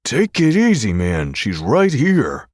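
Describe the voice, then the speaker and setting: A man narrating an audiobook who voices a gruff, possessive tough guy who grunts his replies. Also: deep voice, expressive, moderate pace, a little mellow, no room sound, studio quality.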